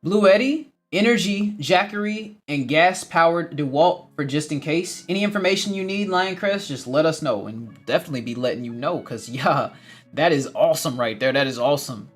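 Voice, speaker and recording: A man's voice: a little high, lively intonation, moderate pace, breathy edge, soft background music. A man hosting a gardening livestream, reading viewer comments in a casual chat, laughing often and repeating his phrases.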